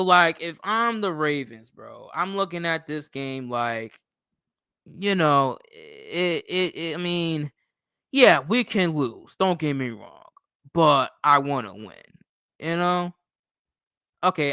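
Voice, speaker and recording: A young man ranting on his own sports channel, heated and profane, tagging his points with "bro". His voice is bright and forceful, clean and crisp, and recorded dry, with no room sound around it. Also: a little high, no echo. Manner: heated, swearing, repeats "bro" and "okay". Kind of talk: casual profane sports rant.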